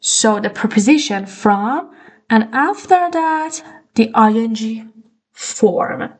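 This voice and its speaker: A woman's voice: fairly high pitch, lively intonation, slow pace, darkish tone. A young adult woman teaching an English grammar lesson online, patiently explaining words with repeated examples.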